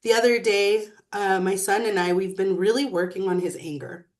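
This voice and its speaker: A woman in her thirties, a mother, giving an earnest, measured personal talk with thoughtful pauses. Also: medium pitch, steady tone. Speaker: mother and emotional wellness speaker.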